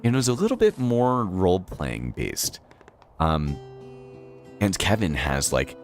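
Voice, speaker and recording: A man from Boston, Massachusetts, with a Boston accent chats casually on a game live stream, rambling with lots of fillers and frequent laughs. His deep voice swings widely in pitch, and he talks a little slowly over soft background music.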